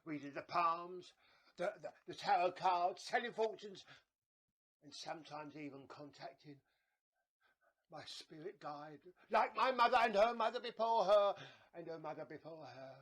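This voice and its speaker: A man's voice: high voice, animated, normal speed, fairly bright tone. A man doing a rambling old fortune-teller woman. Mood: gossipy. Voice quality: rambling, stammering, theatrical. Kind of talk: comedy sketch acting.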